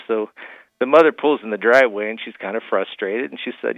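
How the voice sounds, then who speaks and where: A man's voice: mid-range voice, brisk, no room sound. A man speaking as a financial advisor on a radio call-in, folksy and full of fillers as he tells a story. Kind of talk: phone-in radio guest, storytelling. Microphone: phone. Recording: tinny phone line.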